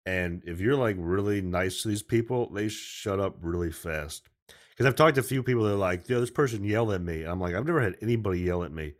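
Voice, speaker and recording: A man's voice: sits low, quick pace. A man hosting a casual video-call podcast, blunt and profane as he acts out rude customers. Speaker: podcast host.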